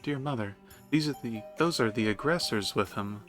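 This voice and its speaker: A man's voice: mid-range voice, moderate pace, fairly bright tone, faint music behind, lightly acted. A man voicing an anxious, pleading young prince while reading game dialogue aloud. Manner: pleading and flustered. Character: anxious young royal son, devoted to his mother.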